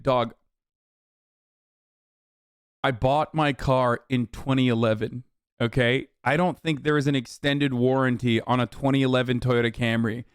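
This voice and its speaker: A man's voice: mid-range voice, steady tone, a little slow, pauses often, clean tone, dry recording, clean studio sound. A man hosting a livestream who rants with heavy swearing and sarcasm while reacting to chat messages. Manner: profane, heated, sarcastic. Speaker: livestream host. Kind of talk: ranting commentary, reacting to chat.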